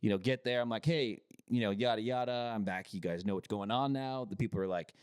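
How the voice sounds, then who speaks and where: A man on a podcast telling a rough, profane story about a work site, often acting out the other people's lines. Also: on the low side, brisk, dry recording, clean studio sound. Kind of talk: casual storytelling.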